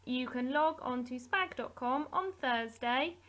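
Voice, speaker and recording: An English woman, a primary school teacher, giving a recorded grammar lesson to young children in a slow, clear, patient way. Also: sits high, a bit bright. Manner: slow, clear, patient explaining with drawn-out example words.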